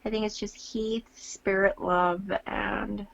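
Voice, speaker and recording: A woman co-hosting a casual tarot live stream, chatting in relaxed, laughing banter. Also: mid-range voice, slow, gravelly, lo-fi sound. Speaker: co-host tarot reader.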